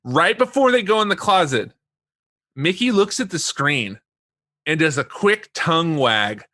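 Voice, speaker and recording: Lively bright-voiced joking man. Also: a little high, measured pace, no echo. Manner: animated and joking, laughs often. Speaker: podcast guest. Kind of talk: casual chat recapping a TV episode.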